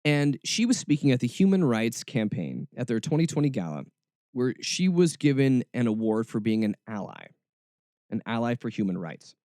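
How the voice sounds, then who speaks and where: Male host, lively pitch swings, emphatic, dry close sound. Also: moderate pace, no echo. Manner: expressive, emphatic, sarcastic asides. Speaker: podcast host. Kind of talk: podcast commentary.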